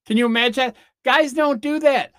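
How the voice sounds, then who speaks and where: A man's voice: extremely high pitch, fairly even intonation, normal speed, a bit bright, clean tone. A man hosts his comedy podcast with a rambling rant full of restarts and exaggerated impressions. He talks into a close mic. The sound is dry, with no room echo at all. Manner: rambling, self-interrupting rant with mock voices. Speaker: podcast host. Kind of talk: comedic monologue.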